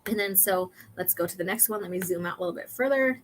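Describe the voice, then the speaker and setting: A woman hosting a casual chat, walking through comic pages and reading lines aloud with many pauses. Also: lowish voice, slight background noise. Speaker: host.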